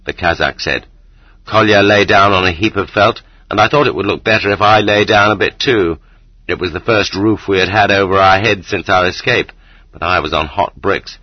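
A man reading a first-person story aloud as an audiobook, in a steady, measured manner. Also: deep voice, slightly rough, no echo. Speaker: audiobook narrator. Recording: slightly dull lo-fi recording.

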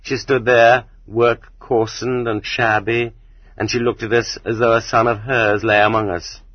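A man narrating an audiobook in a steady, measured reading voice, recorded on dull cassette tape. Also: medium pitch, no echo. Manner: steady, measured reading that rises sharply for quoted shouts. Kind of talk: scripted narration.

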